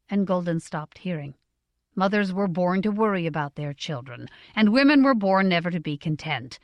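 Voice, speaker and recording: An audiobook narrator reads a novel from a script, her voice expressive and fairly low in pitch. She speaks at normal speed, and the clean studio recording has no echo.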